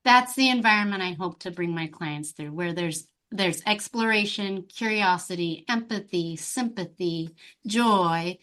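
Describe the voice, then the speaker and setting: A woman guest on a podcast interview, a life coach who talks in an open, expressive and bubbly way. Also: fairly low pitch, unhurried.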